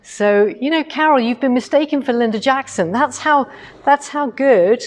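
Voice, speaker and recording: A middle-aged woman with a high-sitting voice, speaking at normal speed, runs a quilting shop livestream indoors in a showroom of quilting machines. She chats casually and rambles, tossing in asides as she shifts the tripod-mounted camera.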